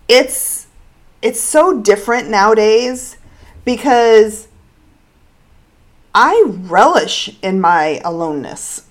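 A woman co-hosting a podcast, speaking candidly and personally about her own life in casual chat. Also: mid-range voice. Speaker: podcast co-host.

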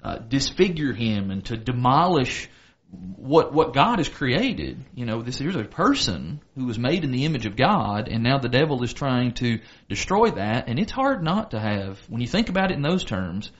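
A man's voice: medium pitch, sing-song, normal speed, muffled recording. A man co-hosting a casual Bible study talk, reading scripture aloud and explaining it earnestly. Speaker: podcast co-host, Bible teacher.

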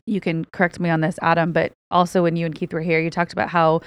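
A woman's voice: lowish voice, level tone, fast, clear, resonant tone, no echo. A woman co-hosting a church podcast, talking in an earnest, chatty way with lots of fillers. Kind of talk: casual chat.

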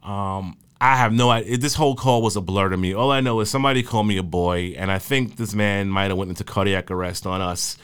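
Smooth low-voiced man telling stories. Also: a bit bright. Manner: halting, with many fillers and restarts. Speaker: EMS worker recalling his career. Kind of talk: casual spoken storytelling.

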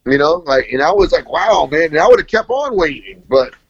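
A man's voice: on the high side, lively intonation, brisk, slightly rough. A man in his thirties, telling his life story in a casual interview, laid-back and tacking "man" onto nearly every sentence. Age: 30s. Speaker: interview guest. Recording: dull lo-fi recording.

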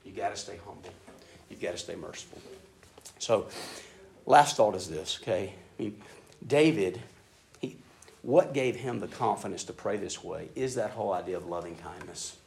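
A man preaching a sermon in a casual, animated way, acting out prayers in an excited voice. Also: sits low, normal speed, vocal fry, pauses often. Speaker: pastor. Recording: echoey room with faint ambient noise.

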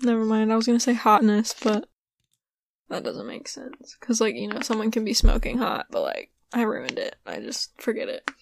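A young woman hosting a podcast, telling a rambling story in a casual way, her voice hoarse and giving out, with lots of giggles and fillers. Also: fairly high pitch, expressive, moderate pace. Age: young adult. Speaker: podcast host.

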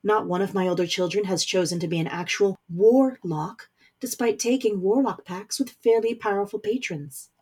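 A woman's voice: medium pitch, moderate pace, husky, close to an everyday voice. Woman voicing a steely warlock general mother. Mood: weary earnest. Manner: forceful, scornful, rising to anger. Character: stern powerful middle-aged warlock general mother.

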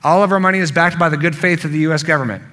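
Guy preaching a sermon, earnest, bright forceful voice, repeats lines for punch. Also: on the high side, racing. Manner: earnest, building emphasis with repetition. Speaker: pastor.

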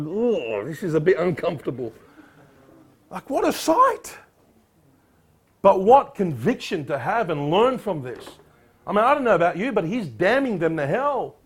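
High-voiced emphatic male preacher. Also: very animated, normal speed, slightly rough. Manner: emphatic, rising sharply on exhortations; reads scripture in a louder, declamatory voice. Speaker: pastor. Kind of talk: sermon with scripture reading.

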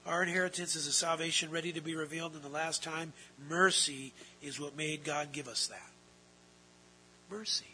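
A man preaching a sermon, swinging between hushed, drawn-out phrases and loud, emphatic ones. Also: fairly high pitch, steady tone, a little hiss or hum, low-quality recording. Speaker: pastor.

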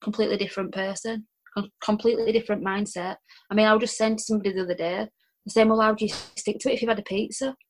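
Yorkshire lady chatting on a podcast, lively and down to earth. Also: medium pitch, racing, slight background noise. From Halifax, England. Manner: chatty, self-deprecating, lively storytelling. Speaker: podcast guest. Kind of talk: casual chat.

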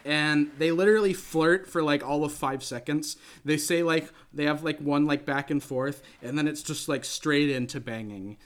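A man casually recapping a film on a podcast, rambling and animated, dropping into silly voices for the characters. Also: on the high side, moderate pace, few pauses. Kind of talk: casual chat.

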